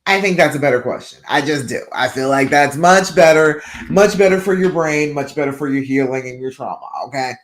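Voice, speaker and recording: A woman's voice: sits low, fairly quick. A woman relationship coach giving direct advice on a live stream, often checking in with her listeners. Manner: direct, keeps checking in with "all right?". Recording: roomy echo.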